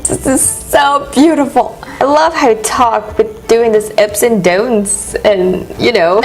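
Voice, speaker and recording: A woman's voice: on the high side, poor audio. A young woman from Brazil with a Brazilian Portuguese accent, a native Portuguese speaker, chatting to camera in a gushing, enthusiastic way. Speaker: vlogger. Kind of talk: casual chat to camera.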